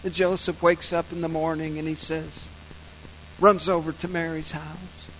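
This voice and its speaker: A man preaching a sermon, telling a story softly and slowly, then building to loud, emphatic points. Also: on the high side, little pitch movement, slight background noise, poor audio. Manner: storytelling, soft and slow in scenes, rising loud and emphatic for points. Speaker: pastor.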